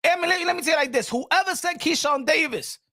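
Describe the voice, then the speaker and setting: Loud joking livestream host, New man, very high bright voice, close dry mic. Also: fast, no room sound. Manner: loud, joking, switches between languages. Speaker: boxing show host. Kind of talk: livestream commentary reading super chats.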